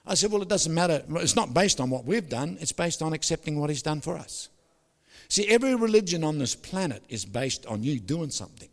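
A man preaching a sermon as a pastor, animated and joking, often asking the congregation to agree. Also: fairly high pitch, a little fast, big-room sound. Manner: animated storytelling with jokes, asks the crowd "is that right?".

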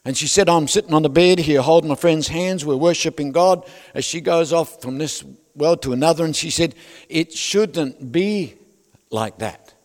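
A man's voice: a little high, fairly even intonation, a little fast, darkish tone. A man preaching a sermon, conversational with joking asides to the congregation. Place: large church hall. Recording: long reverb of a large hall.

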